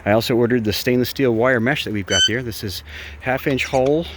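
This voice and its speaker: A man's voice: a little fast, background noise. A man who keeps birds, chatting casually on a vlog as he walks by an outdoor aviary. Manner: chatty, baby-talks to birds in a high voice. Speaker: bird sanctuary keeper.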